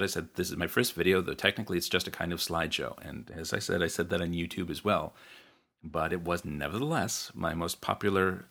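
A man's voice: low voice, sharp tone. A man hosting his own podcast, chatting casually and reading listener comments, digressive and self-deprecating with frequent ums. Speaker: podcast host.

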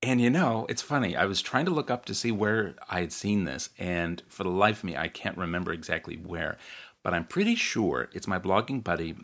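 Male podcast host, deep voice with bright tone, casual and digressive, reads listener mail. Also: animated, brisk. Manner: chatty, digressive, self-deprecating with frequent ums and light laughs. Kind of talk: casual solo podcast, reading listener comments.

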